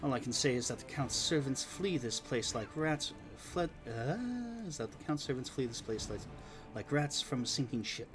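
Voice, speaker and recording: A man's voice: medium pitch, moderate pace, over music, close to an everyday voice. A man voicing a young, earnest female traveling bard in a game playthrough, reading her lines in his own voice. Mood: hushed.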